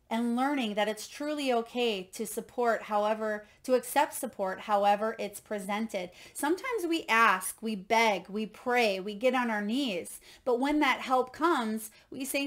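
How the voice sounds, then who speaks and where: A woman delivers a spiritual oracle card reading in a gentle, encouraging way. Her voice sits a little high. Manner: gentle, encouraging, tells parables. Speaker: intuitive coach reading oracle cards.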